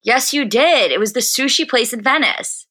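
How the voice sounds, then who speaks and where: A woman's voice: a little high, lively intonation, normal speed, bright, forceful tone. A woman co-hosting a casual recap podcast, blunt and emphatic, swearing freely. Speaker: podcast co-host.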